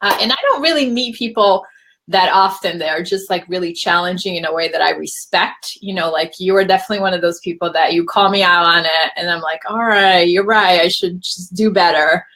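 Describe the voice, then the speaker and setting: A woman hosting a casual chat, telling a personal story in a chatty way with lively quoted asides. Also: fairly low pitch, fairly quick. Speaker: host.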